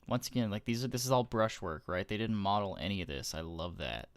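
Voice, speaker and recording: A man giving casual gameplay commentary, gushing with awe and often trailing off into soft murmurs. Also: on the low side, fairly quick. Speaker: gaming YouTuber.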